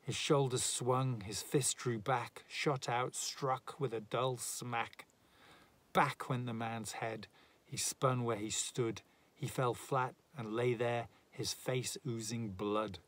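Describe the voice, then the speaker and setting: A man reading a narrative poem aloud in a measured, dramatic way. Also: mid-range voice, steady tone, a bit bright. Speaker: reader.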